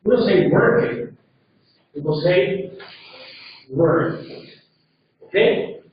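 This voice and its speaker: A high-voiced man with as his leads a classroom lesson, taking it slowly and checking with the class. He is heard from across a very echoey room on a dull, lo-fi recording. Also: far from the mic, a little hiss or hum. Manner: drills pronunciation, checks with frequent "okay?". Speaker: English teacher.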